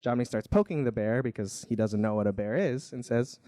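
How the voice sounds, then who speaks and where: A man's voice: mid-range voice, fairly quick, dark tone, dry recording, clean studio sound. A young man, an author, reading his picture book aloud at a bookstore event in a casual, hesitant way with frequent ums.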